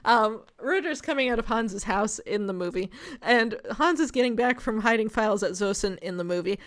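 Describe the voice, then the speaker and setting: Giggly woman podcaster, brisk and bright. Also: fairly high pitch. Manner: giggly, retells scenes with quick quoted lines. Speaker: podcast co-host. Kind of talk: casual chat.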